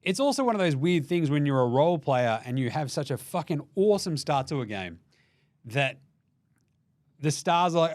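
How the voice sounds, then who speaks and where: A young Australian podcast host gives a casual basketball recap, loose, profane, and jokey, slipping into mock player voices. Very animated, his slightly high voice swings widely in pitch at a moderate pace. The sound is close and dry, without room echo.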